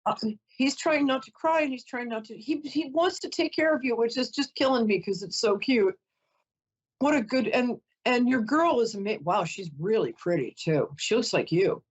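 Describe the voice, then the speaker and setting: A woman's voice: fairly high pitch, animated, normal speed, breathy edge, dull audio. A woman psychic host doing a reading for a caller, chatty, emotional and apologetic, often close to tears.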